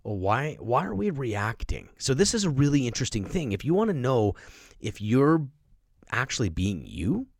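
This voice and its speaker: Animated man giving a motivational talk. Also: medium pitch, normal speed, gravelly, no echo, studio quality. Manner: emphatic, acts out quoted voices. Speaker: podcast host. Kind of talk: motivational podcast monologue.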